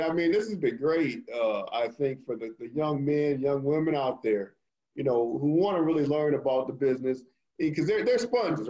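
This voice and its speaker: A man's voice: a little high, darkish tone. Man giving encouraging advice, lo-fi sound. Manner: encouraging, gives advice to listeners. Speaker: podcast host. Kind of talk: interview chat.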